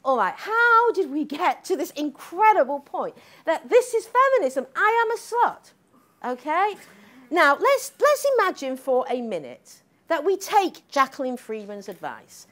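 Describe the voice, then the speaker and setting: An older American woman with a high voice, wide pitch swings, moderate pace and a slightly bright tone delivers an emphatic, sardonic public lecture as a professor. She often caps her points with "okay?" and "right?"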